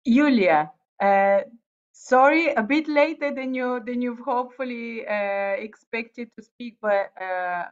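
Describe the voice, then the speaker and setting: A woman's voice: on the high side, slow. Woman moderating over dull call audio. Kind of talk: moderating an online panel.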